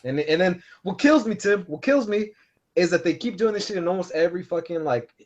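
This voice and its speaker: A man's voice: high-pitched, expressive, brisk. A man co-hosting a podcast, telling a long, profane movie rant and acting out the lines he quotes. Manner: profane, rambling, acts out quotes. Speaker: podcast co-host. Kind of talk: casual chat. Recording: dull lo-fi podcast audio.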